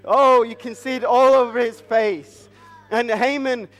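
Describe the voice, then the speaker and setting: A man retelling a Bible story at a church family service, asking the children animated, coaxing questions. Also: very high-pitched, a little slow, long reverb tail. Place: church hall.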